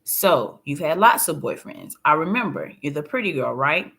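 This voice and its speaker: A calm, probing woman counselor, gently coaxing with question after question, as a woman reads her in an audiobook. The tone stays bright and clear. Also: sits low, moderate pace, heavily acted. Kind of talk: audiobook narration.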